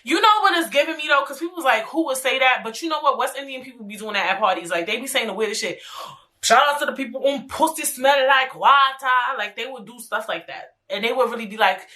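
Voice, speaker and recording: A woman hosting her own podcast, talking alone in a casual, animated, profane way with lots of slangy asides. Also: fairly high pitch, quick pace, hardly any pauses. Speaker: podcast host. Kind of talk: casual solo podcast monologue.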